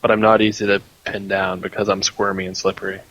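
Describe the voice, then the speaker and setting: A man's voice: sits low, flat delivery, fast talker, fairly bright tone, no echo, dull audio. A man co-hosting a podcast, throwing in playful, jokey quips. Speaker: podcast co-host. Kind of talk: casual podcast chat.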